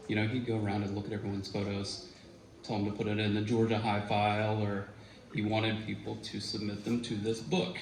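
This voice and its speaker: A man, a former student, telling casual stories at a memorial tribute, talking conversationally with fillers and quoted voices. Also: fairly low pitch. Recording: echoey room with faint noise.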